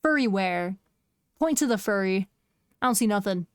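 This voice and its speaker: A woman's voice: medium pitch, animated, moderate pace, no echo. A young woman streaming from home, chatting casually with her viewers in a playful, teasing way and laughing often. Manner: playful, giggly, teasing chat.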